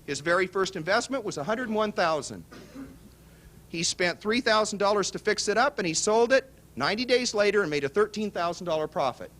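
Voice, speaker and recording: Male seminar pitchman, high voice that swoops all over, acts out every exchange in his stories. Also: fairly quick. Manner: animated storytelling, acts out both sides of dialogue. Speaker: seminar speaker. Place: seminar hall before a live audience.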